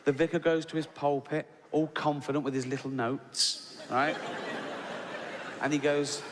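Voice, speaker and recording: A man's voice: a little high, steady tone, moderate pace, noisy background. English man telling a stand-up story. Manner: tags lines with "right?"; laughs through his own jokes. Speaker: stand-up comedian. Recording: long hall reverb.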